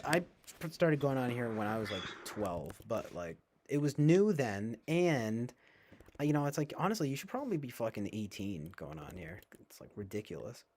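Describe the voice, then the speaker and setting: A man's voice: medium pitch, mellow, slight background noise. Young male streamer, loose rambling delivery, profane and joking. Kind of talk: casual livestream chat with strangers.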